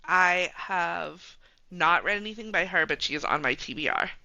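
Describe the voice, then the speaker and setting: A woman's voice: fairly low pitch, normal speed, gravelly, pushed and bright, poor audio. A woman guest on a podcast, chatting casually and laughing a lot, with plenty of "like" and "um" fillers. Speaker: guest, romance bookstore founder.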